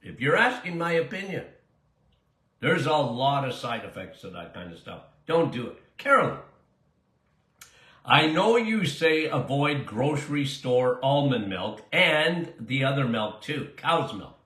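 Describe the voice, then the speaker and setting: A man's voice: medium pitch, sing-song, a little slow, fairly bright tone, echoey room. An older man, a doctor answering listener questions in a chatty, emphatic way that drifts into tangents. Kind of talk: casual call-in style Q&A monologue.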